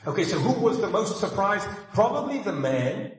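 A man's voice: high voice, very animated, moderate pace. A man preaching a sermon in a church, conversational and mixing in humorous asides. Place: church hall. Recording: echoey hall, mic far off.

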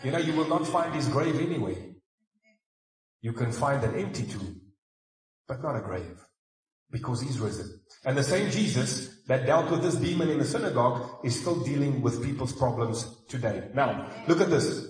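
A man's voice: medium pitch, animated, normal speed. A man preaching a sermon in a church, conversational and mixing in humorous asides. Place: church hall. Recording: echoey hall, mic far off.

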